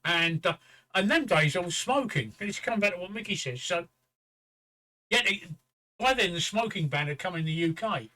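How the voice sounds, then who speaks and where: A man's voice: high-pitched, animated, moderate pace, sharp tone, rough recording. An older man from England, co-hosting a casual livestream chat and telling a story in a chatty, profane way. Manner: chatty storyteller, swears freely, acts out quoted voices. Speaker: livestream co-host.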